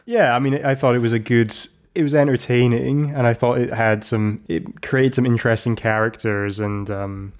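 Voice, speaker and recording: With a mid-range voice and steady tone, this man talks at normal speed and barely pauses. He's co-hosting a podcast, recapping a film in a playful, wandering way full of restarts and self-corrections.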